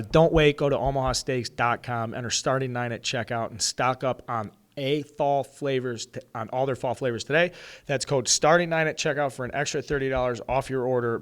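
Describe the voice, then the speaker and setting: A man co-hosting a baseball podcast, talking casually and reading an ad in an excitable, rambling way with some swearing. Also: mid-range voice, smooth. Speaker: podcast co-host. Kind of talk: casual sports podcast chat with ad read.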